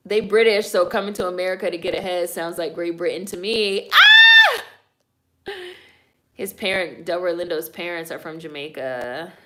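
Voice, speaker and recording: A woman's voice: on the low side, fairly quick, few pauses. A woman streaming live and reading viewer comments aloud, talking bluntly and loosely, with plenty of swearing and fillers. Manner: blunt, opinionated, frequently swearing; loose talk full of fillers like "like" and "y'all".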